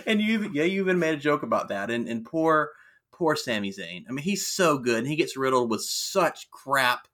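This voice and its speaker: A man co-hosting a casual podcast, recapping wrestling with quick jokey asides. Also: mid-range voice, sing-song, a bit bright. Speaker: podcast co-host.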